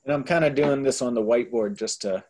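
A man explains beginner Spanish grammar to his students with easy, patient clarity. His voice has a husky, slightly rough texture, and his pitch sits in an ordinary middle range. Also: quick pace, a little mellow. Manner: patient, explanatory, casual fillers. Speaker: Spanish tutor. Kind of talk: online tutoring session.

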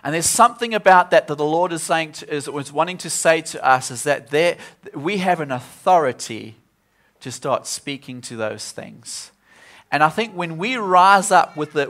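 A man's voice: on the high side, fairly bright tone. Earnest man preaching in church. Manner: earnest, repeats words and restarts often. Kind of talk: sermon. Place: church service.

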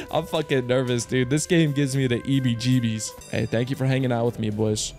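A man hosting his own channel, commenting excitedly to viewers with slang, swearing and loud outbursts. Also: mid-range voice, normal speed, faint music behind. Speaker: slots streamer host.

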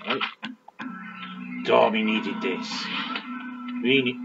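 Man, chatty gameplay commentary, slow unhurried talk, clear game music behind. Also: lowish voice, muffled recording. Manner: chatty, rambling, joking. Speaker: let's play host.

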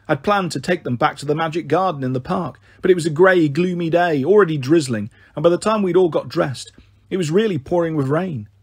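A man narrating a children's novel in a steady, measured first-person reading. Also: fairly high pitch, husky, no echo, studio quality. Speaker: storyteller. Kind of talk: audiobook narration.

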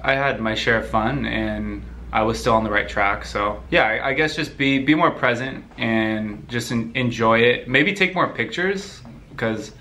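A young man chats through viewer questions in a loose, rambling way, laughing easily as he goes. His voice sounds bright and lively. A faint background hum sits behind him. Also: mid-range voice, unhurried. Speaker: vlogger answering viewer questions. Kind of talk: casual Q&A chat.

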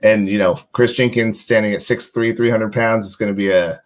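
Low-voiced male podcast guest. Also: steady tone, a little fast. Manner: laid-back, many fillers and restarts, jokes about his announcer voice. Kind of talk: casual sports podcast chat.

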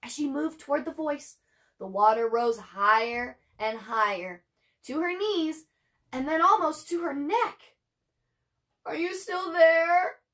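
Expressive teacher reading aloud. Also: female voice, high-pitched, measured pace. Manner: expressive, chatty asides to students. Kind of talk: reading a children's novel aloud.

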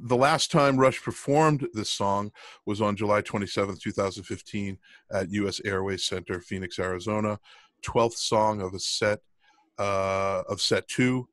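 A man's voice: lowish voice, steady tone, a little slow, a bit bright, no echo. A middle-aged man co-hosting a podcast in casual chat, rambling with lots of ums and restarts. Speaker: podcast co-host.

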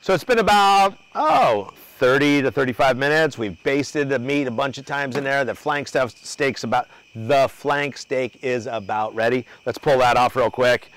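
A man's voice: medium pitch, steady tone, normal speed, few pauses, fairly bright tone, poor audio. A man hosting an outdoor cooking demo at a grill, talking loosely and joking with his crew and the viewers. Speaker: cooking show host.

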